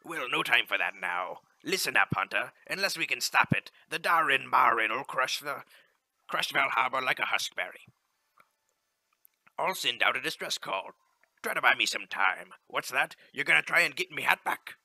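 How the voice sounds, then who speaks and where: A man voicing a folksy male ship captain with a loud, rustic drawl, reading game dialogue in character. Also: medium pitch, expressive, moderate pace, gravelly, dry recording, heavily acted. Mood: urgent.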